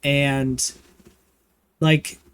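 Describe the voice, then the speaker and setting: A man chatting casually and campily while streaming a video game, with playful swearing and excited bursts. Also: mid-range voice, very slow, clear, resonant tone, no echo. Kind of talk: casual gaming livestream chat.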